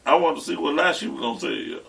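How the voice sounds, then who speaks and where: A man's voice: fairly high pitch, very fast, creaky, a bit bright, recorded from a distance. A middle-aged man, giving short, teasing, laid-back replies on a casual podcast. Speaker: podcast co-host, barber. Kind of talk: casual chat.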